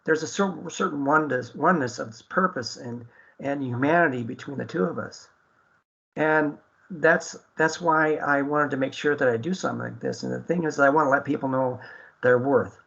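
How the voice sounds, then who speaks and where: Earnest halting man on internet radio. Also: fairly high pitch, gravelly, fairly bright tone, husky, muffled recording. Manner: earnest, halting, many fillers and restarts. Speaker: talk show host. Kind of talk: heartfelt radio talk.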